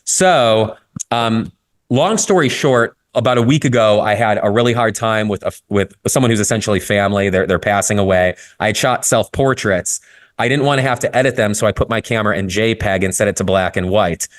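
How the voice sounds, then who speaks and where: A man talking candidly in a casual podcast conversation, telling stories with frequent swearing and lively shifts in tone. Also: on the low side, brisk. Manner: candid, profane, storytelling, lively. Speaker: guest photographer.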